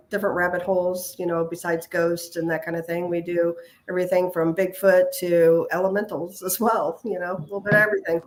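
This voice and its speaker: A woman guesting on a live podcast, chatting in an easygoing, agreeable way about her own show. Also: fairly low pitch. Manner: easygoing, agreeable, quick with yep and mm-hmm. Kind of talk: casual interview chat.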